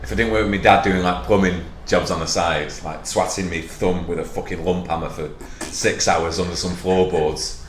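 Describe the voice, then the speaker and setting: A man's voice: deep voice, fairly even intonation, normal speed, few pauses, slight background noise. A man with a broad Manchester accent, a stand-up comedian chatting as a podcast guest, swearing freely and laughing often. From Manchester, England. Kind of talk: casual podcast chat. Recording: roomy echo, faint ambience.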